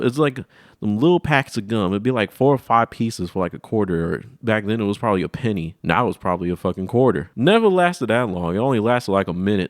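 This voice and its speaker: A man's voice: deep voice, dry recording, studio quality. A young man hosting a casual talk show, rambling through profane childhood stories and acting out the voices in them. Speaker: podcast host. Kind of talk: casual storytelling chat.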